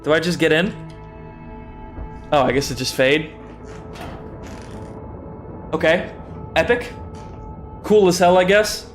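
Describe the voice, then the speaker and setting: A man's voice: fairly high pitch, lively intonation, slow, pauses often, soft background music. A young man casually talking through a game on a livestream, chatty and self-mocking, swearing freely and laughing often. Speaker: streamer. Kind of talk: casual gaming livestream commentary.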